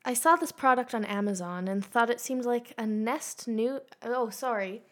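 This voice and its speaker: A woman's voice: a little high, normal speed. A young woman co-hosting a podcast, reading a silly review aloud with dry asides and giggles. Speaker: podcast co-host.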